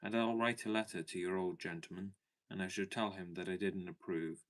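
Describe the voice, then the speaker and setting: A tender yet firm mother from an old storybook, read by a man. She speaks earnestly to her children, her voice kept low and plain. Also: steady tone, brisk, lightly acted. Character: gentle but firm mother of three.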